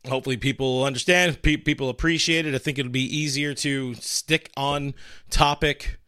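A man's voice: mid-range voice, fairly even intonation, normal speed, pushed and bright, no room sound, studio quality. A man hosting a casual live stream, reading chat comments aloud and rambling through them with frequent restarts. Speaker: livestream host.

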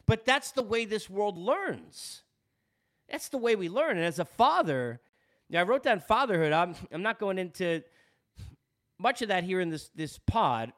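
A man's voice: high-pitched, sing-song, a little slow, a bit bright. A man with a Long Island New York accent, hosting a podcast and speaking earnestly and candidly in a personal monologue, often repeating words as he goes. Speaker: podcast host.

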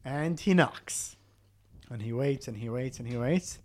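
A young man casually telling a story on a podcast, animated and full of "like", acting out the voices. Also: mid-range voice, a little slow. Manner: animated, acts out voices, lots of "like".

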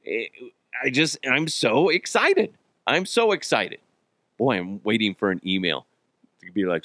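A man's voice: mid-range voice, expressive, unhurried, long pauses, fairly bright tone, no echo. A man hosting a casual solo podcast, rambling and joking at his own expense, swearing freely and laughing often while he's a bit sick. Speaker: podcast host.

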